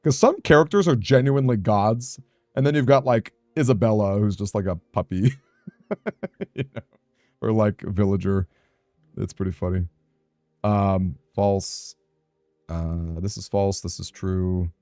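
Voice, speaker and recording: A young man with a fairly low voice chats loosely through a live game stream. He reads comments aloud, laughs easily and second-guesses himself. The sound is close and dry with no room behind it. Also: a little slow, long pauses, darkish tone, no room sound. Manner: chatty, self-conscious, laughs often, reads chat aloud. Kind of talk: casual live-stream chat while playing.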